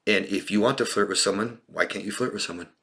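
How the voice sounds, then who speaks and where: Male coach, very low voice, earnest and direct, answering viewer questions. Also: fast talker, fairly bright tone. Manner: earnest, direct, many restarts. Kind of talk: Q&A advice talk.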